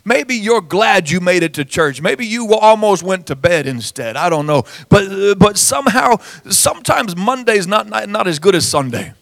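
Hoarse preacher guy, kinda high voice, dry close sound, stretches words out and half-sings. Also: animated, dry recording. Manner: slow, drawn-out delivery with rising shouts and sung phrases. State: hoarse, losing his voice. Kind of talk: sermon with prayer and singing. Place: church service.

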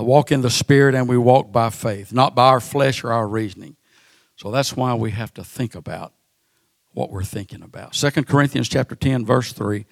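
A man delivers a sermon at a middling pitch. He often repeats words and fills gaps with "uh" as he builds his points. The recording is dry and close, with little room sound. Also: vocal fry, no echo. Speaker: preacher.

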